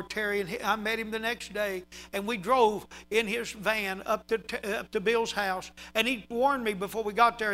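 A man's voice: sits high, bright, forceful tone, rough recording. A man, a pastor telling folksy stories in an emphatic sermon. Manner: folksy, emphatic preaching with rising intensity. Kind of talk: sermon storytelling.

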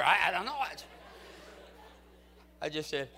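A male pastor telling stories in a sermon, moving from low, quiet storytelling to loud, fervent exhortation. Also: normal speed, pauses often.

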